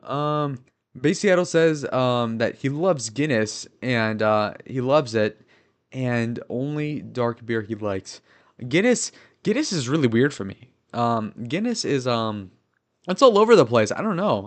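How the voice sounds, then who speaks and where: A man's voice: medium pitch, lively intonation, moderate pace. A young man in his twenties chatting casually on a livestream, rambling with lots of fillers and swearing. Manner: rambling, filler-heavy, profane.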